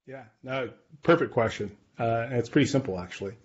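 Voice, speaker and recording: A man's voice: mid-range voice, a little fast, dull audio. A man on a podcast confidently explaining his business figures, often checking in with "right?" and "okay". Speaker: guest, real estate data company leader.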